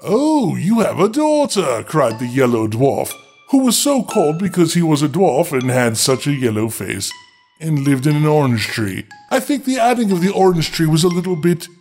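A high-voiced man reads a fairy tale with a very lively, up-and-down delivery. He keeps stopping to make sarcastic jokes, and faint music plays behind him. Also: moderate pace. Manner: sarcastic, joking interruptions. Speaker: storyteller host. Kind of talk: fairy tale reading with comic asides.

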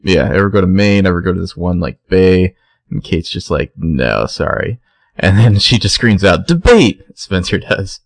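Low gravelly guy on a recap podcast, chill, does the characters' lines. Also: moderate pace, no echo. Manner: relaxed storytelling, acts out quotes. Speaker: podcast co-host. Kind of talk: casual recap chat.

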